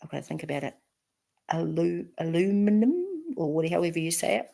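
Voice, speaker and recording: A woman's voice: deep voice, fairly even intonation, racing, creaky, darkish tone, husky. A woman with a New Zealand accent chatting to camera in an encouraging, chatty way. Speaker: vlogger. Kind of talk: casual chat to camera.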